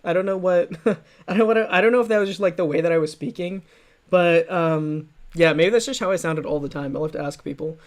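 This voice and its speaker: A man streaming live who keeps circling back on his own words, full of fillers and self-mockery. His voice sits fairly high for a man. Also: fast talker. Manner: rambling, self-mocking, restarts and fillers. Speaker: streamer reacting to his old videos. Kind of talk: livestream commentary.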